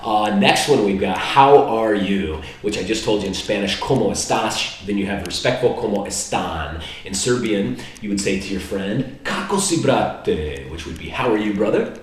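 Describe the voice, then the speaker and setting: A man from the United States giving a casual, rambling vlog lesson on basic phrases, slowing down to spell out foreign words. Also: on the low side. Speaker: language learner teaching basic phrases. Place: indoor room in Serbia. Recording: very echoey room, mic far off.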